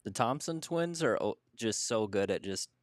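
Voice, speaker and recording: A man in a live game watch-along, chiming in with low-key, offhand remarks. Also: lively intonation, normal speed, no room sound, studio quality.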